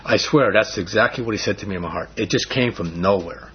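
A man's voice: lowish voice, fast, slightly rough. A middle-aged man leading a Bible study in an earnest, rambling, casual way, with frequent restarts. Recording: dull lo-fi recording.

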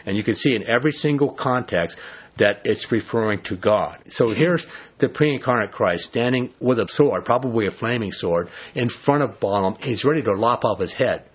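A man preaching a sermon, retelling a scripture story with earnest, joking, animated storytelling. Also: medium pitch, moderate pace, slightly rough. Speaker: pastor. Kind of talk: expository sermon. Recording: dull lo-fi recording.

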